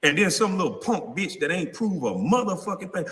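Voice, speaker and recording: A man's voice: high-pitched, sing-song, brisk, fairly bright tone. A man in his thirties delivering a heated, profane vlog rant, angry and confrontational as he addresses people directly. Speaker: vlogger. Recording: long reverb.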